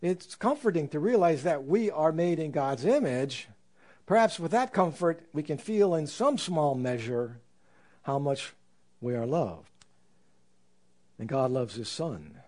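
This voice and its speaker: A man preaching a sermon in an earnest, reflective way, slowing down to stress scripture. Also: fairly high pitch, animated, a little mellow. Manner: earnest, reflective, with slow emphatic scripture quotes.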